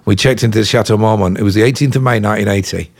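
A man in his fifties with an English accent, a rock musician chatting as an interview guest, telling animated anecdotes full of asides. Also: lowish voice, very fast. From England. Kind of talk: casual interview storytelling.

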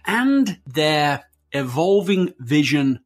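A man hosting a podcast interview, calm and measured in his delivery. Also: a little high. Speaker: podcast host.

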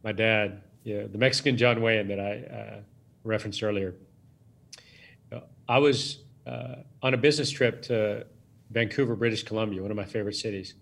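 A man's voice: fairly low pitch, steady tone, moderate pace, creaky, a bit bright. Reflective man telling a personal story. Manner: reflective, speaks in short phrases with many "you know" fillers. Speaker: guest.

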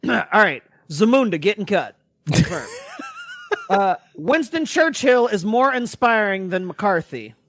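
A sarcastic man reads through his notes in casual podcast chat, joking and swearing freely. His voice sits high and swings widely, and it is recorded dry and close. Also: very animated, takes it slowly, fairly bright tone, no room sound. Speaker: podcast co-host.

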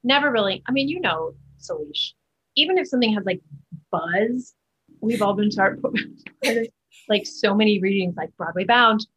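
A woman's voice: mid-range voice, lively intonation, moderate pace, fairly bright tone, slightly rough, highs cut off. A woman Broadway actor chatting as an interview guest, talking in a loose, chatty way full of fillers and restarts. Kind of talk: casual interview chat.

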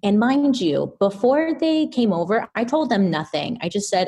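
A woman guest on a podcast, telling a story in a casual, animated way with lots of fillers. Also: fairly low pitch, moderate pace, few pauses. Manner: animated, chatty, filler-heavy.

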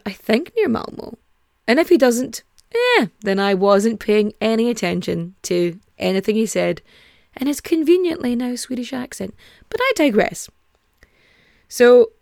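Lively chatty woman podcaster. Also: on the high side, gravelly, dry recording, clean studio sound. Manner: chatty, digressive, swears casually. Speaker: podcast host. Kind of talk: casual storytelling podcast.

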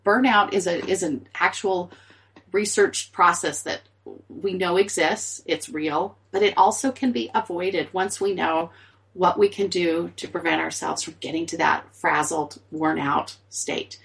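A woman in her forties co-hosting a relaxed podcast chat, her voice sitting a little low. She speaks reflectively, often pausing to restart a thought, and stays casual and open. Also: creaky. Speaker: podcast co-host.

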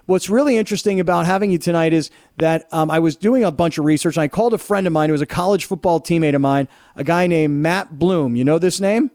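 A man's voice: on the high side, fast talker, few pauses, a little mellow, dry recording, clean studio sound. A man hosting a sports talk radio show, chatty and enthusiastic as he asks his guest questions.

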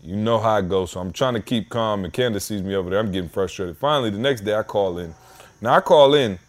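A man's voice: on the low side, quick pace. A man hosting a podcast from his home basement, telling a long casual story in slangy speech and acting out the voices of the people in it. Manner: animated, slangy storyteller who acts out dialogue. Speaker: podcast host.

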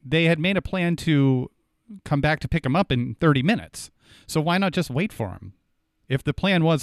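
A man's voice: on the high side, lively intonation, normal speed, dry recording, clean studio sound. A man co-hosting a podcast, chatting casually and asking questions about a case. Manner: questioning, reflective. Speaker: podcast co-host. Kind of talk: casual discussion.

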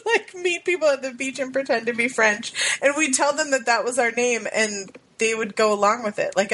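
A woman co-hosting a podcast in easy, casual chat. Her voice is bright and mid-pitched, and her humor is dry and wry, broken up by laughs. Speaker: podcast co-host.

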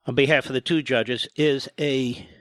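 A man's voice: medium pitch, fairly even intonation, moderate pace, a bit bright, no room sound, studio quality. A man hosting a talk radio show, delivering emphatic, sarcastic, indignant political commentary.

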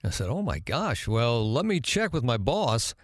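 A male radio host tells a story in easy, conversational tones. His voice sits at a middle pitch. The studio sound is dry and close. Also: normal speed, no room sound. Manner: relaxed anecdotal storyteller, acts out quoted lines. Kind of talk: casual storytelling chat.

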